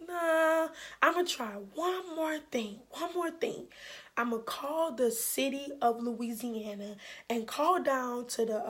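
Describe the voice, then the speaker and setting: A woman, telling a personal story in a candid, animated way and voicing the people she quotes. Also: on the high side. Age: 20s. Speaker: vlogger. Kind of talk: emotional storytime.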